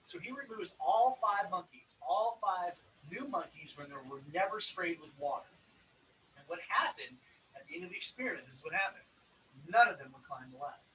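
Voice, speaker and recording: A man delivering a motivational business seminar, telling stories in a loose, conversational way and often restarting his sentences. His voice is bright and sits a little high. He sounds set back from the mic, with a faint hiss behind him. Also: lively intonation, fairly quick, recorded from a distance, rough recording. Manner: conversational, storytelling, frequent restarts.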